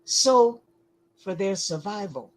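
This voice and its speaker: A woman giving lecture-style commentary, deliberate and emphatic, often pausing to ask rhetorical questions. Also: mid-range voice, expressive, darkish tone, poor audio.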